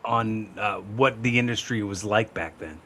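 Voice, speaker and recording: A man's voice: on the low side, moderate pace, a bit bright, slight background noise. A man co-hosting a podcast, chatting casually and searching for his words. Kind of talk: casual chat.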